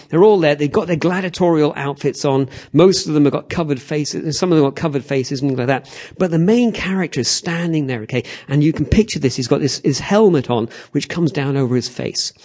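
A man preaching animatedly, often checking in with the audience. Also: a little high. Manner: animated, repeats "okay? all right?" to the audience. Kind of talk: sermon.

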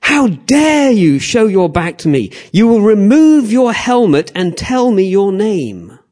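A man's voice: high-pitched, sing-song, pitched above the performer's own voice, heavily acted. A man doing an irate Roman emperor. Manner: slow, loud, indignant.

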